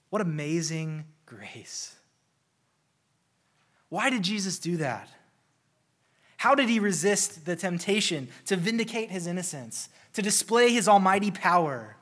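A man preaching a sermon in an earnest way, slowing down and building intensity through lists. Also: high voice, fairly bright tone. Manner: earnest, slows and stresses key phrases. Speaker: pastor.

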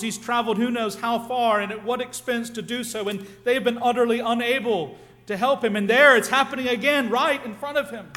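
A man preaching a sermon, earnest and reflective, often dropping to a hush on key phrases. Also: high voice.

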